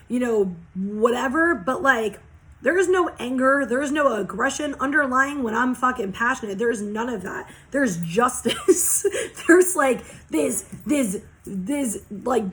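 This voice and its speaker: A woman's voice: on the high side, a bit bright. A young woman giving a casual oracle card reading, talking passionately and bluntly with lots of swearing. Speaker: tarot reader.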